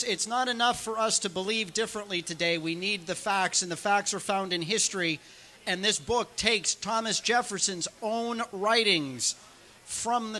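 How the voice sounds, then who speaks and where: A man's voice: high-pitched, bright, forceful tone. A man hosting talk radio, giving emphatic, opinionated commentary. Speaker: radio host.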